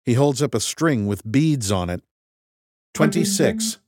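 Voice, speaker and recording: A man's voice: medium pitch, expressive, moderate pace, darkish tone. A man reading a first-person audiobook in a dry, wry and methodical way. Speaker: audiobook narrator. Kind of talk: first-person scripted narration.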